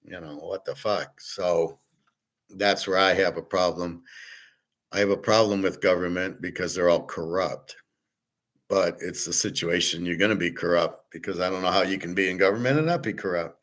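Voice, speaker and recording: A man's voice: low-pitched, normal speed, a bit bright. A man hosting a casual opinion monologue, blunt and profane, arguing with rhetorical questions. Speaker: host.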